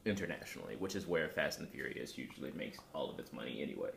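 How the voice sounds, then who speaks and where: A man co-hosting a podcast in a casual chat, animated and jokey, often trailing off. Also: a bass voice, fast talker, creaky, slight background noise. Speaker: podcast co-host. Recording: roomy echo.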